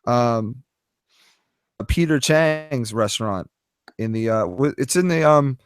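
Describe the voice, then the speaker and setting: This is a man with a middle-pitched voice, trading a story back and forth on a podcast. His delivery is relaxed and chatty, with quick agreeing asides. The recording is close and dry, with no room sound. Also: smooth, no room sound. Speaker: podcast co-host. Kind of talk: casual sports and news podcast chat.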